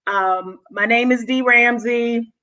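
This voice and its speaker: A woman vlogging to her channel, excited and effusive, a little out of breath, often calling the listener honey. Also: a little high, slow, lo-fi sound. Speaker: YouTube vlogger. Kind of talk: casual vlog monologue.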